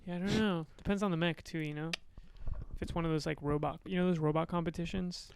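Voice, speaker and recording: A man's voice: fairly high pitch, fast, vocal fry, slight background noise. A man in his twenties from Argentina, a podcast guest chatting casually and loosely, with lots of fillers. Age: 20s. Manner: relaxed, filler-heavy storytelling. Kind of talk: casual chat.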